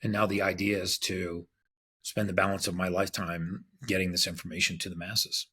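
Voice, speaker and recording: A man's voice: deep voice, flat delivery, a little fast, sharp tone, husky. A man being interviewed as a podcast guest, telling a story casually and acting out the quotes with animation.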